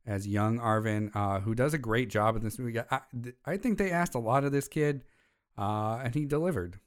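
Young guy on a movie podcast, regular pitch, reads the synopsis then riffs and swears. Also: normal speed, smooth. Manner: reads plot summaries and credits, then jokes and swears casually. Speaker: podcast co-host. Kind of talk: casual movie review chat.

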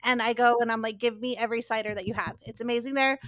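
A woman's voice: a little high, fairly even intonation, fast, a bit bright, no room sound. A woman from Nevada chatting as a podcast panelist, bubbly and enthusiastic. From Nevada, USA. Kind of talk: casual podcast chat.

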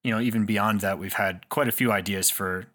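A man with a fairly low voice, chatting as a podcast co-host. He is easygoing and loose, with plenty of fillers and light laughs. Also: steady tone, a little fast, fairly bright tone. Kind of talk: casual chat.

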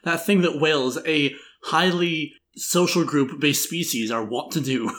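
A man's voice: fairly high pitch, measured pace, fairly bright tone. A man hosting a casual film review chat, wry and rambling, laughing through his jokes. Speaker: podcast host.

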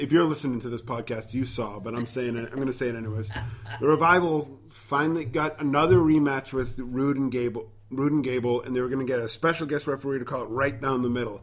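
A man co-hosting a casual wrestling podcast, animated, swearing freely and acting out quotes. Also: mid-range voice. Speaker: podcast co-host.

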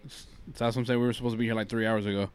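A man co-hosting a casual podcast, relaxed and laughing with friends. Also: on the low side, rapid-fire, smooth. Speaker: podcast co-host. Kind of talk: casual chat.

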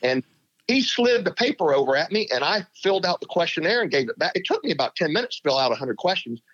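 Talking fast in a voice on the high side, the ex-pro angler, a middle-aged man, spins animated stories for an interviewer and laughs as he goes. The sound quality is dull and lo-fi.

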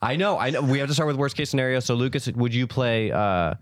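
A man hosting a casual podcast, setting up role-play bits in a rambling, halting way. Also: mid-range voice, dry recording. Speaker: podcast host. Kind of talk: casual chat, leading role-play segment.

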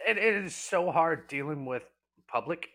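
A man's voice: fairly high pitch, expressive, moderate pace, sharp tone. A man co-hosting a casual podcast, backing up his friend's story with profane comments. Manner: profane, supportive chiming in. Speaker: co-host.

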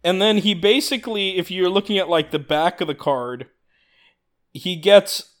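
A man with a fairly high voice talks through a miniatures game's rules, excited and laughing as he goes. He co-hosts a casual podcast chat and tends to explain things at length. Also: slow pace. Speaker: podcast co-host. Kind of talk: casual tabletop game discussion.

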